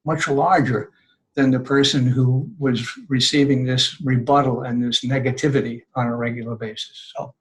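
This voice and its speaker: An older man, a guest on a podcast, talks in an earnest, conversational way as he explains his advice. His voice sits in a middle pitch and now and then he acts out what people say in livelier tones. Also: poor audio.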